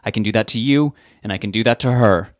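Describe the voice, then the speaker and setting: A man puts on a swaggering, menacing father from a storybook reading. He taunts and mocks, loud and self-satisfied, in a low voice. The sound is dry and close. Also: fast, no room sound, close to an everyday voice. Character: menacing drunk middle-aged father with a gun.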